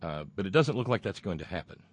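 A man hosting a podcast alone, rambling and halting through sardonic remarks. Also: low voice, big pitch swings. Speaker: podcast host. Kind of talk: casual solo podcast monologue.

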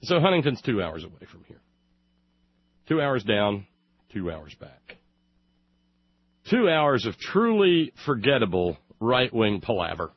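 A man's voice: low voice, highs cut off. A man hosting a casual talk show, sarcastic and rambling with many fillers and restarts. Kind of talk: casual radio monologue.

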